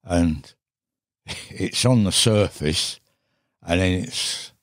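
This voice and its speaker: A man's voice: deep voice, very slow, no room sound, clean studio sound. Older man spinning a fishing yarn. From England. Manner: rambling, swears often, laughs while telling. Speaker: guest angler. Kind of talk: casual storytelling. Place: podcast studio.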